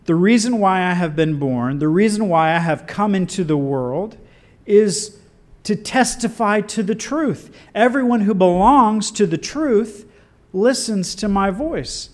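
Man reading as a calm solemn prophet king, measured, lively ups and downs. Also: sits high.

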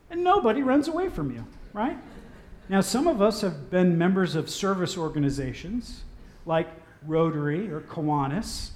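A man with a notably high voice delivers a relaxed, conversational sermon. He slips in playful, jokey asides, then returns to earnest points, repeating key phrases for emphasis. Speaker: pastor.

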